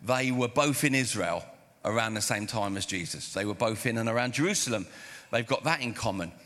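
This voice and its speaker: A male pastor preaching a sermon, telling stories in an animated way and acting out the dialogue. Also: on the low side, a little fast. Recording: reverberant hall.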